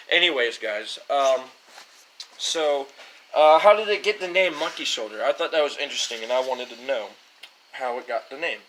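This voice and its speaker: A man's voice: mid-range voice, normal speed, fairly bright tone, a little hiss or hum, rough recording. A young man casually rambling as host of a whiskey-tasting talk, fumbling names and joking at himself. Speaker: show host.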